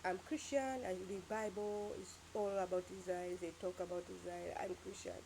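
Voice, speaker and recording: A woman's voice: lowish voice, little pitch movement, normal speed, dark tone, a little hiss or hum. Rambling, emphatic woman vlogger. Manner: emphatic, rambling, with sound-effect words. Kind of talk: casual opinion monologue.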